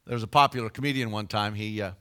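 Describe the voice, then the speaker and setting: A man preaching a sermon, telling a joke story with big swings in volume and slow, emphatic scripture reading. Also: steady tone, a bit bright, clean tone. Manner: dynamic storytelling with sudden shifts of volume and pitch.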